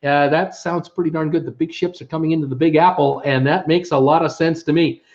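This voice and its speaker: A man's voice: on the high side, fairly even intonation, brisk, darkish tone, muffled recording. A man from Ontario, Canada, hosting a casual live stream and greeting viewers in the chat, upbeat and full of fillers. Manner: chatty, upbeat, many fillers. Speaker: livestream host reading viewer chat. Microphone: webcam setup at home.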